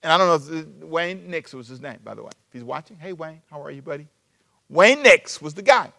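A male pastor preaching a sermon, animated and repeating himself as he restarts phrases. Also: a little high, brisk, vocal fry. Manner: animated preaching, sudden shifts between loud emphasis and soft asides.

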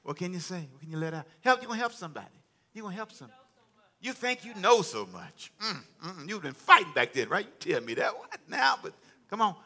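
Pastor, male, bright and fairly high voice, lively sermon delivery, banters with the congregation. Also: fast talker.

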